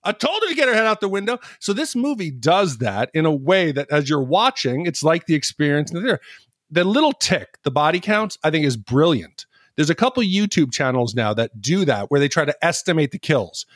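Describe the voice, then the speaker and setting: A man co-hosting a casual movie-review podcast, telling stories in an animated way and acting out scenes as he goes. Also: on the high side, normal speed, dry recording, clean studio sound. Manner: animated storyteller who acts out scenes. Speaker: podcast co-host.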